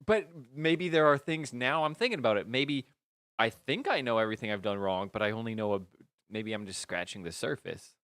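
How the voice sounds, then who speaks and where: An American man co-hosting a casual podcast chat, talking in an animated way with restarts and jokes. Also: mid-range voice, brisk, smooth, dry recording. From United States. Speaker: podcast co-host.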